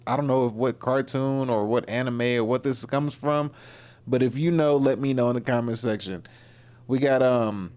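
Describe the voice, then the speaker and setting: A man's voice: medium pitch, darkish tone. A man hosting a reaction livestream, talking casually and rambling with lots of fillers and restarts. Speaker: livestream host.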